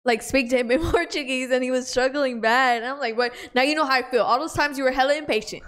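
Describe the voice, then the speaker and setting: A woman's voice: sits high, fast, fairly bright tone. A young adult woman co-hosting a podcast in a casual chat, playful, teasing and full of slang. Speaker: podcast co-host.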